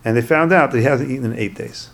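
A man's voice: mid-range voice, quick pace, fairly bright tone. A man teaching a lesson by retelling a story, breaking in with musing asides.

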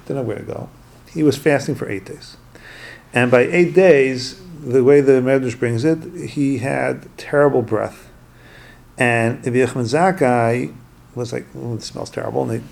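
A man's voice: medium pitch, vocal fry, a little mellow. A man teaching a lesson by retelling a story, breaking in with musing asides.

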